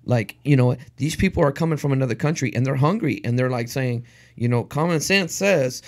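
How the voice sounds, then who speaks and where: A man's voice: medium pitch, fairly quick. A middle-aged man in casual podcast chat, blunt and heavy on swearing while telling stories. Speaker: podcast co-host.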